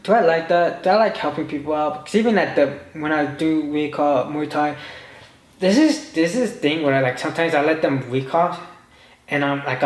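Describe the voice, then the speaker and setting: In a rough, echoey recording, a man with a slightly high voice delivers a rambling monologue about something from his own life. This podcast host restarts often and acts out quoted speech, both his own inner voice and other people's.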